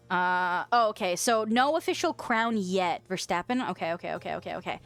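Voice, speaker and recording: A woman's voice: fairly low pitch, normal speed, hardly any pauses, fairly bright tone, smooth, soft background music. A young woman streamer from the western United States, chatting casually, reading viewer comments aloud, swearing freely and laughing often.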